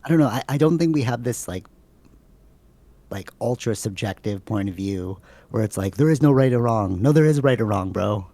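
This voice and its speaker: Gravelly low-voiced man, rambling podcast chat. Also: lively intonation, moderate pace, dark tone. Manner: rambling, filler-heavy, says "like" and "bro" a lot. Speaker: podcast co-host.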